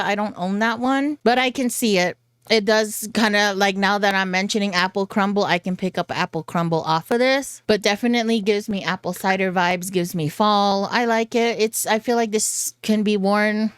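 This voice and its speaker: A beauty vlogger with a mid-range voice chats casually through a fragrance haul, giggly and talkative, tossing in goofy asides. Her tone is clean and the recording has no echo.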